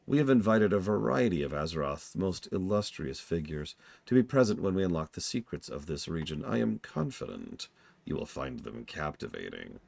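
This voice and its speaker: A man voicing a formal male aide with an exaggerated German accent, speaking in a deliberate, courtly way. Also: low-pitched, big pitch swings, vocal fry, darkish tone, no echo, heavily acted. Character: aloof male commander's aide, formal and smooth.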